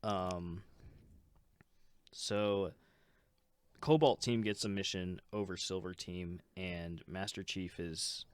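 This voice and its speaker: A man's voice: sits low, slow pace, pauses often, clear, resonant tone, dry recording, clean studio sound. A man co-hosting a podcast in casual chat, easygoing, laughing often and leaning on fillers. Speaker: podcast co-host.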